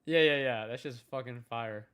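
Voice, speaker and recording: A man's voice: medium pitch, normal speed, a bit bright, a little hiss or hum. A young man chatting casually on his livestream, telling loose stories full of slang and swearing, calling everyone bro. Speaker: day-trading livestreamer.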